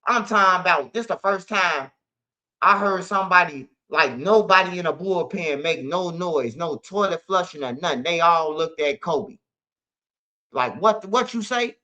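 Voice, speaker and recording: A man's voice: on the high side, a little slow, bright, forceful tone. A man, a show host telling stories in a casual monologue, heavy on street slang and "bro". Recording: slightly dull lo-fi audio.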